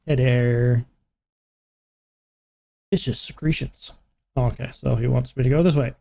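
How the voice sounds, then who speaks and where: A man's voice: mid-range voice, fairly even intonation, unhurried, creaky, mellow. A man streaming a game live, chatting casually, joking, humming and talking to himself as he plays.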